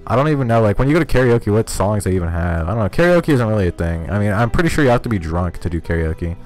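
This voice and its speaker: A man streaming a video game, giving profane, rambling, self-mocking commentary in one steady speaking voice. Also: fairly low pitch, quick pace, faint music behind. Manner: talks in one steady voice, cannot scream. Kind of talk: casual live-stream commentary.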